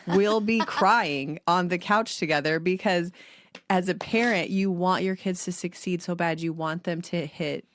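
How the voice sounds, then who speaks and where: A woman's voice: fairly low pitch, normal speed, hardly any pauses, no echo. A woman in her thirties co-hosting a podcast, chatting casually and earnestly about parenting, laughing often. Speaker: podcast co-host. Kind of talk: casual chat.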